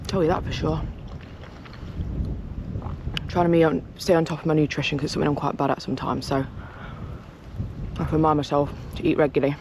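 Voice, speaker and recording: Woman, casual cycling vlog, chatty self-talk, outdoors, clear wind noise. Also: low voice, level tone, fast talker, long pauses. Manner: chatty, talks to animals and to herself. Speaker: cycling vlogger. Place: outdoors in countryside on a long bike ride.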